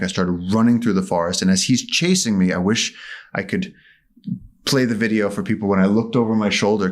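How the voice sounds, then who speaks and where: A man telling a vivid story as a podcast guest. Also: lowish voice. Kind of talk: conversational storytelling.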